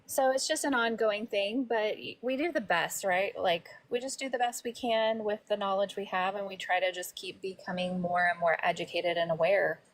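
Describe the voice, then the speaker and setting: This is a woman co-hosting a call-in show. She talks earnestly and thoughtfully, with casual fillers. Her voice is mid-pitched and the recording sounds dry. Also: moderate pace, few pauses, no room sound, rough recording. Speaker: co-host. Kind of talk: casual livestream chat.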